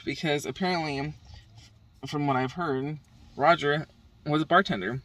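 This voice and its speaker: A man's voice: on the high side, measured pace, a bit bright. A man from the Bay Area ranting profanely and heatedly in a casual vlog. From San Francisco Bay Area. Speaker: vlogger.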